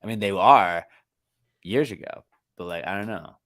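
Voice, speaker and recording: Unhurried and a bit bright, with a lowish voice, this young podcast co-host from Texas wanders through a casual conversation. He cusses without holding back and keeps drifting into goofy voices.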